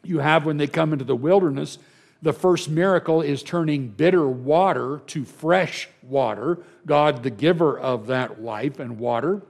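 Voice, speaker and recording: A man's voice: fairly high pitch, normal speed, vocal fry. A man teaching a Bible lesson to a class, checking in with them and often repeating words as he restarts.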